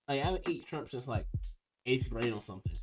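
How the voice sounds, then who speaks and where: A man's voice: mid-range voice, animated, fast talker. A young man talking casually as he ranks food, rambling and restarting his sentences. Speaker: video creator ranking food. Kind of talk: casual commentary. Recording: music playing behind.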